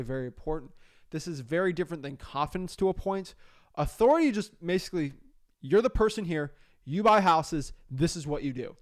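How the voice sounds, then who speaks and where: A young man from South Florida giving a casual, energetic coaching talk with frequent fillers and restarts. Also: a little high. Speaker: real estate wholesaling coach.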